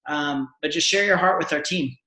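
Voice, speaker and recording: A woman's voice: sits low, normal speed, slight background noise. Encouraging woman host in echoey room. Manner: warm, encouraging, filler-heavy. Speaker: call host. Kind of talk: hosting a team call.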